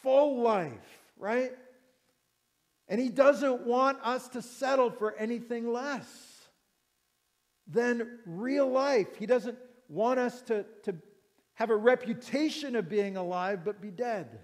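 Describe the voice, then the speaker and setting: A middle-aged pastor with a high voice delivers an earnest sermon at an unhurried pace. He repeats his phrases and keeps asking questions of his listeners. His voice rings with the long reverb of a large church hall.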